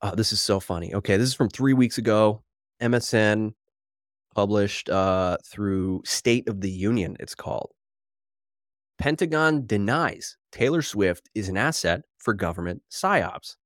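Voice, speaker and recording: A male podcast host does solo commentary, reading headlines aloud with wry, animated disbelief and sounding a bit out of breath from caffeine. His voice is on the low side at a measured pace, in a dry, studio-quality recording.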